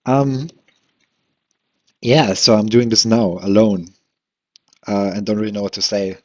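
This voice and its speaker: A young man rambles through a solo podcast with a fairly low voice. He talks loosely, full of fillers, restarts, swearing and laughs. The home mic sounds dull and lo-fi. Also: steady tone, a little slow. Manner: swears casually.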